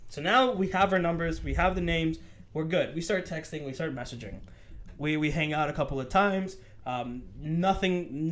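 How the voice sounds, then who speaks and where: A young man, a podcast co-host, telling a story casually and animatedly, acting out the dialogue and swearing freely. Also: fairly high pitch.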